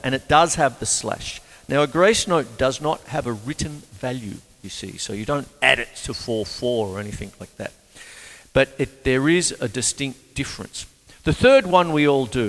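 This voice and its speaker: Rambling older drum teacher. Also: male voice, mid-range voice, fairly bright tone. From Australia. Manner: rambling, jokey, talks between drum demos. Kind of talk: casual drum lesson. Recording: reverberant room with drum kit.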